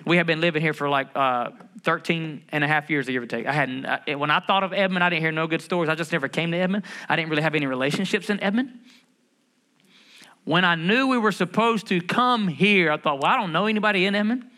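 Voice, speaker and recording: A middle-aged pastor preaching a sermon, emphatic and repetitive, often asking the congregation questions. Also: male voice, on the high side, fast, bright, forceful tone. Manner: emphatic preaching, repeats key phrases, asks the congregation questions.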